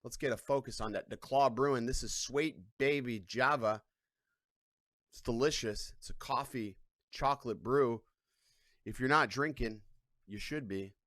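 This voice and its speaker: A man's voice: fairly low pitch, fairly bright tone, no room sound, clean studio sound. A man hosting a casual live stream, rambling in a profane, irreverent way from his couch at home. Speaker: livestream host.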